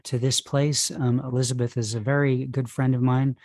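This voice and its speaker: A man hosting a virtual open mic, polite and halting with many fillers, over a video call. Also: medium pitch, flat delivery, darkish tone, no room sound.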